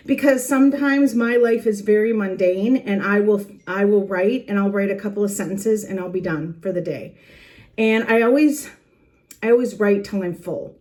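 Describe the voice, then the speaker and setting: A woman's voice: on the high side, fairly even intonation, measured pace, darkish tone. A middle-aged woman hosting her own journaling channel, talking earnestly to the camera in her planner room at home, chatty, with small laughs and restarts. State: a little out of breath. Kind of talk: casual heartfelt talk to camera. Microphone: camera facing her.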